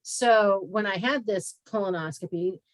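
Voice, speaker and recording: A woman's voice: mid-range voice, measured pace, slight background noise, rough recording. A woman guest speaker, a health practitioner, telling her story candidly and acting out conversations on a video call. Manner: candid and animated, acts out conversations. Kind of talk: frank personal storytelling in an interview.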